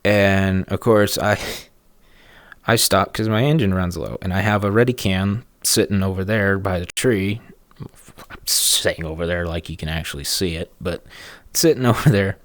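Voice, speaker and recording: Low-voiced, rambling, snarky man. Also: moderate pace, no room sound. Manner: rambling, snarky, chuckling asides. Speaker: storyteller. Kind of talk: casual storytelling.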